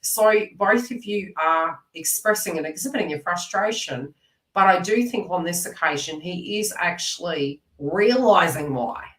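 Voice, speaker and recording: Low-voiced lady doing a card reading, rambly and earnest, calls people by name, echoey room, sounds a bit far from the mic. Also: animated, measured pace, a bit bright. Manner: rambling, earnest, talks straight to viewers by name. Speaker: psychic card reader. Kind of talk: live twin flame card reading.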